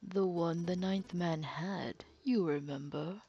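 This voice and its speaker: A woman reading as a hushed, sadistic killer. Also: lowish voice, husky, dull audio, exaggerated voice. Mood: menacing calm. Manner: slow, hushed, mocking and polite. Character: calm sadistic middle-aged male killer. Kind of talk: dramatic reading of game text.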